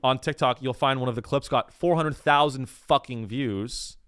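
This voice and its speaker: A man's voice: medium pitch, moderate pace, a bit bright, clean tone. A young man hosting a comedy podcast, rambling and riffing in a casual monologue, swearing and acting out voices as he goes. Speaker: podcast host.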